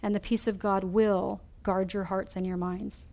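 A woman teaching a sermon in an earnest, emphatic way, asking questions and slowing down on key phrases. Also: medium pitch, level tone, gravelly, darkish tone.

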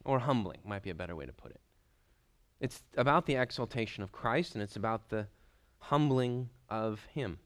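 Smooth-voiced man preaching a sermon. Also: mid-range voice. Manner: rises to emphatic slow stresses, then drops soft. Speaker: pastor.

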